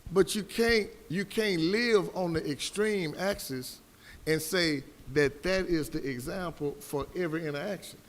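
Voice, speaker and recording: A man's voice: on the high side, measured pace, in a large hall. A man on a live debate panel, telling a personal story with fervor and calling his listeners brother like a preacher.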